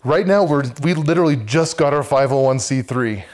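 A man's voice: a little high, lively intonation, a little fast, darkish tone. A man, guest on a podcast, earnestly telling a vivid personal faith story and talking about leading a men's church group.

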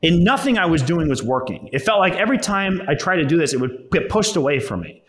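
A man's voice: on the high side, big pitch swings, fast talker, a bit bright. A young man, an entrepreneur, telling his own story in a blunt, profane, conversational way, full of "like" and "right?". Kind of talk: personal storytelling talk. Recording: roomy echo.

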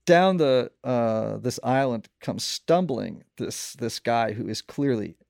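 A man hosting a casual interview, telling stories in an animated way and laughing often. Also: medium pitch, takes it slowly, gravelly, no room sound, clean studio sound. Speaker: podcast host.

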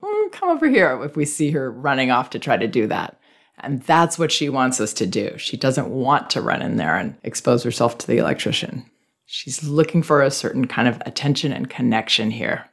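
A middle-aged woman hosting a parenting advice show, answering a listener's letter in a calm, gentle, reflective way. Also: a bass voice, moderate pace, breathy edge.

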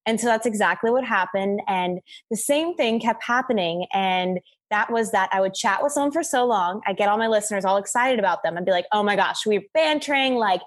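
A woman's voice: medium pitch, brisk, hardly any pauses. A young woman tells stories as a podcast guest. She talks in a bubbly, goofy way and laughs often. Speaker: podcast guest, app founder. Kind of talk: casual interview storytelling.

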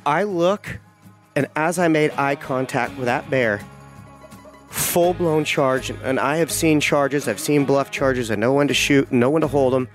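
Speaking at a medium pitch, a male hunting guide tells a tense story about his own experience. It comes out vivid and halting with many restarts, and faint music plays behind him.

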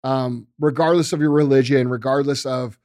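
A man's voice: medium pitch, fairly even intonation, moderate pace, darkish tone, no echo. Casual swearing man, dry mic. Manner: casual, swearing, says dude and bro. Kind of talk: casual political chat.

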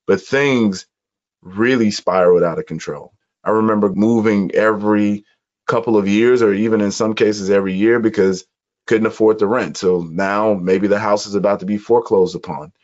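A man from Chicago speaks as a guest in a conversation, with an earnest, reflective manner and measured pauses. His voice sits on the low side. The recording is dull and somewhat muffled. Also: fairly even intonation, darkish tone. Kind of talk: personal storytelling in conversation.

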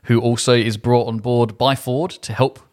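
A man's voice: medium pitch, steady tone, normal speed. Enthusiastic English man reviewing films. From England. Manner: enthusiastic, rambling with restarts. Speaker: film podcast host. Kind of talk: casual film review chat.

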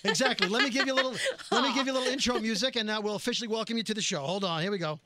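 A man's voice: sits high, racing, background noise. A man hosting a podcast, chatting with his guests like an enthusiastic fan. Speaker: podcast host. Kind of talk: casual interview chat.

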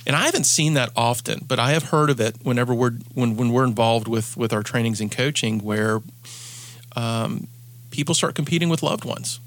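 A man's voice: medium pitch, normal speed, dry recording. Guy coaching host, earnest, tells stories, keeps restarting lines, mid voice. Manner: earnest storytelling, frequent restarts. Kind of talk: advice show talk.

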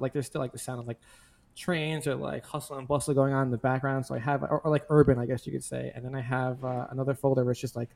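A man's voice: mid-range voice, creaky, darkish tone. A man as a guest in a casual interview, talking in a loose, rambling way with lots of fillers. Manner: rambling, filler-heavy, laid-back. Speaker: guest, skate video maker.

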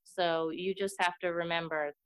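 A woman's voice: lowish voice, flat delivery, normal speed, clean tone, no room sound. A woman in her thirties speaking earnestly and reflectively as a guest in an interview chat. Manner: earnest and reflective, laughs easily. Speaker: podcast guest.

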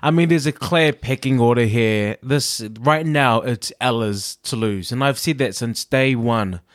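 A man co-hosting a casual chat podcast, playful and teasing, often jumping into high mock voices. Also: a little slow, no echo, clean studio sound. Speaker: podcast co-host.

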